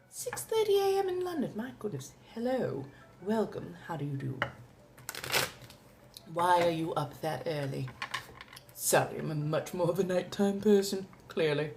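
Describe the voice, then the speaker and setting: A Southern California woman reads tarot on a casual home live stream, stretching her words out theatrically and calling her viewers "darlings." Her voice sits low with a darkish tone, and there's a faint hiss or hum.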